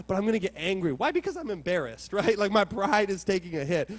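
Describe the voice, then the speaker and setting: A male pastor preaching a sermon as animated storytelling, moving between quiet reflection and loud, excited moments. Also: high voice, fast, hardly any pauses.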